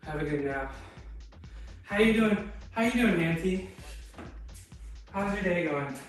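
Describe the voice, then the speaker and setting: A man's voice: high voice, lively intonation, takes it slowly, very echoey, recorded from a distance, faint music behind, rough recording. A man streaming from his home garage gym, chatting casually with viewers between lifts, out of breath and laid-back. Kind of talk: casual chat with live chat while lifting.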